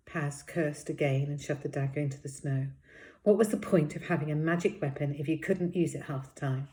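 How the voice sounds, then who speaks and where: A woman reads a children's novel aloud, narrating in a steady, expressive way. Her voice sits low and deep for a woman. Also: brisk. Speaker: storybook reader.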